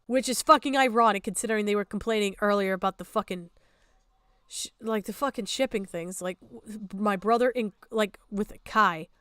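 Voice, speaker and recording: A woman's voice: medium pitch, normal speed, a bit bright, smooth, no echo, studio quality. A woman streamer giving a ranting reaction commentary, exasperated, sarcastic and full of swearing.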